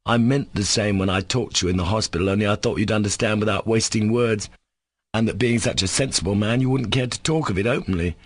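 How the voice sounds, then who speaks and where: A man voicing a sickly, insolent male servant who speaks slowly and sarcastically with controlled defiance. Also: fairly low pitch, no room sound, close to an everyday voice. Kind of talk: audiobook character reading.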